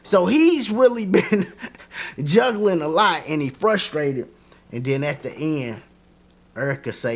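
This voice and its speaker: A man reviewing a TV episode in a casual, animated way, laughing often and acting out characters' lines. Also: a little high, measured pace. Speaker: TV show reviewer.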